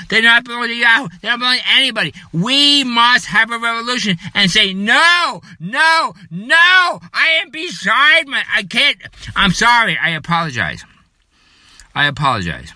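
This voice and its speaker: A man delivering an angry political rant, shouting and repeating himself, then quieting down to apologize for his anger. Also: clean tone, dry recording. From United States. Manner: furious, shouting, repetitive, later apologetic and lower. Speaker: political commentator.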